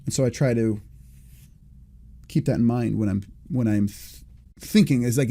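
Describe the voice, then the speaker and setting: A man's voice: mid-range voice, normal speed, creaky, long pauses, dark tone. A man in his forties hosting a solo podcast, thinking aloud in a rambling, self-correcting way. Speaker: podcast host. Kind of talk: reflective solo podcast talk.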